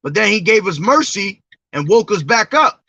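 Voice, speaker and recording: A man's voice: high-pitched, big pitch swings, normal speed, gravelly, pushed and bright. A man preaching informally, reading scripture aloud between profane, slangy, emphatic remarks. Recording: dull lo-fi dry recording.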